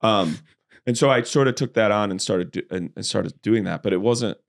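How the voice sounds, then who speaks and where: A man, a comedian guest, in casual chat, telling animated stories and slipping into voices. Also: on the low side, moderate pace, vocal fry. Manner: animated storyteller, slips easily into voices.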